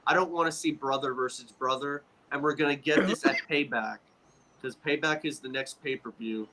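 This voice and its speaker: A man's voice: mid-range voice, steady tone, moderate pace, noisy background. A man co-hosting a wrestling podcast, talking in a blunt, slangy, frustrated way. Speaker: podcast co-host. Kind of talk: casual wrestling chat.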